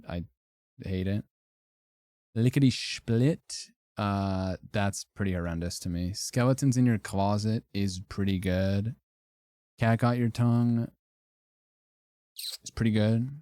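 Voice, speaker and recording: A young male streamer with a lowish voice, talking in a wry, offhand way while he ranks things for his chat. He swears and laughs freely, and the sound is close and dry with no room around it. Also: moderate pace, mellow, no room sound. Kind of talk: casual livestream commentary ranking phrases.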